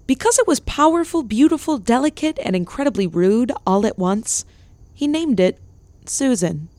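A woman narrating a comedic story in a deadpan, mock-grand delivery. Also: fairly high pitch, moderate pace, no echo.

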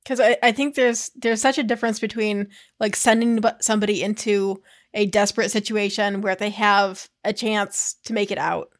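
A woman's voice: mid-range voice, fairly even intonation, normal speed. A woman co-hosting a podcast, talking in a thoughtful, reflective way during casual chat. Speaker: podcast co-host.

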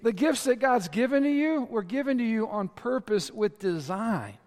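High-voiced pastor preaching in a big hall. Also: male voice, moderate pace. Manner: lively, storytelling, addressing the congregation directly. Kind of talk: sermon. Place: large church hall. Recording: long reverb of a large hall.

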